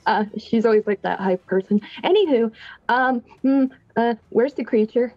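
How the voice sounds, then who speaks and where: A woman's voice: a little high, normal speed, no echo, muffled recording. A woman playing in a tabletop game, casual, giggly and a little hesitant. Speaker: player.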